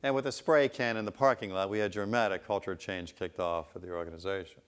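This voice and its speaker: A man's voice: deep voice, steady tone, fast, clear, resonant tone. A man, a business consultant, giving a conference presentation in a conversational, anecdotal storytelling manner with rhetorical asides.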